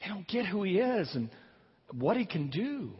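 Lively-pitched preacher in a reverberant church. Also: male voice, normal speed, husky. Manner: conversational preaching, lively rises and drops. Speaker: pastor. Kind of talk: sermon with scripture reading. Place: church sanctuary. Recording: long hall reverb, dull lo-fi sound.

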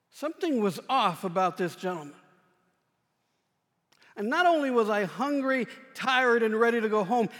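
High-voiced pastor preaching in a reverberant hall. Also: male voice. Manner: conversational, self-deprecating, swings between loud and hushed. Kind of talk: sermon with personal storytelling. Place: church sanctuary. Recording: long reverb of a church hall.

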